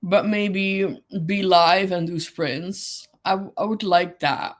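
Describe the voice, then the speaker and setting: A woman's voice: lowish voice, steady tone, takes it slowly. A woman hosting a casual livestream, chatting with viewers, giggling often and greeting people by name. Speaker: livestream host.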